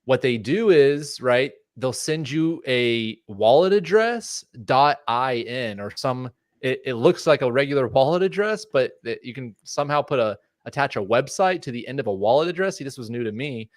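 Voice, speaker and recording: A man's voice: medium pitch, animated, moderate pace, few pauses, no echo, clean studio sound. A man co-hosting a podcast, giving passionate, rambling warnings with lots of fillers. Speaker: podcast co-host. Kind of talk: casual podcast chat.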